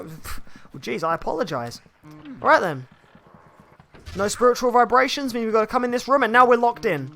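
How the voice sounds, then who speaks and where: A game streamer giving chatty, rambling gameplay commentary that bursts into excited shouts. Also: mid-range voice.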